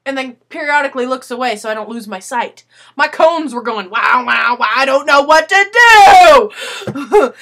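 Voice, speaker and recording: A young woman telling a story in a casual video letter, animated and swearing, acting out what people said. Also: high-pitched. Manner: animated, swearing, acts out quotes.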